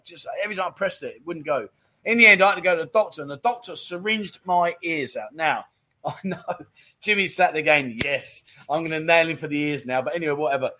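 A chatty, jokey middle-aged man keeps calling people "mate" as he reads out viewer comments on his livestream. His voice sits fairly high for a man. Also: pushed and bright. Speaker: livestream chat show host. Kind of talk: casual chat reading viewer comments.

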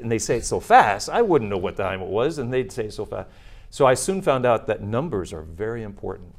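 Gravelly low-voiced man, rambling. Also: animated, fast. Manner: rambling, many fillers and restarts. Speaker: guest, retired Marine. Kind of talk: casual interview chat.

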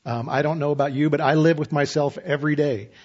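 A man in his fifties preaching a sermon as pastor, relaxed and conversational with self-deprecating humor. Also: on the high side, quick pace, muffled recording.

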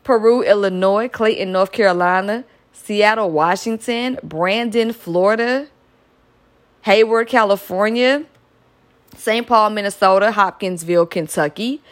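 A young woman hosting her own podcast, chatting upbeat shout-outs to listeners. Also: mid-range voice, measured pace. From Metro Atlanta, US South. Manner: chatty and upbeat, with frequent "y'all" and laughs. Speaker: podcast host.

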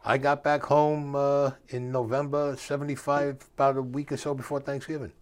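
An older man telling a story as an interview guest, in a streetwise way with rough grammar, acting out the voices of the people he quotes. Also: mid-range voice, flat delivery, normal speed.

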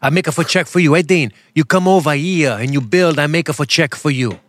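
A man's voice: fairly high pitch, brisk, fairly bright tone, close to an everyday voice. A man voicing a pushy middle-aged Portuguese immigrant mechanic with a Portuguese accent and broken, repetitive English. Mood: insistent.

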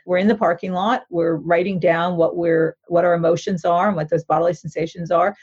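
A woman's voice: on the low side, fairly even intonation, brisk, a little mellow, breathy edge, muffled recording. A woman therapist explaining a mindfulness practice in an interview, in an earnest, instructive way that often checks in with the listener. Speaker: therapist author.

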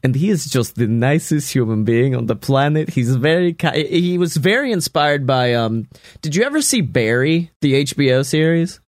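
A young man chatting about the show he created. His voice sits a little high for a man, and it sounds dry and close, with no room echo. He talks animatedly, laughs often and swears freely. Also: animated, normal speed. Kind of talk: casual podcast chat.

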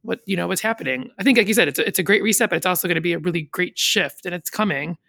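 Low gravelly-voiced chatty woman. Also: a bit bright, dry recording, studio quality. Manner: chatty, rambling, quick to laugh; mimics others in quoted voices. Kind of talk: casual chat.

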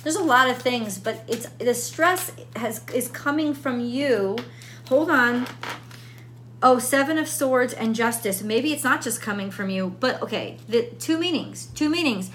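A woman talks through a tarot reading in a bright, fairly high voice. She thinks aloud, repeats her questions and restarts her sentences. A faint hum sits under the recording. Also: lively intonation, unhurried. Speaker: tarot reader. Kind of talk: casual spoken tarot reading.

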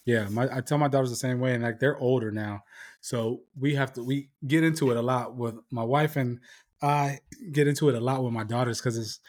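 A middle-aged man chatting as a podcast host, swearing freely and acting out the people he quotes with sudden jumps in pitch. His pitch sits in a typical middle range, and he talks loosely and unscripted, like he is among friends. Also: steady tone, brisk, darkish tone. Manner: profane storyteller who acts out quoted voices. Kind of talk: casual chat.

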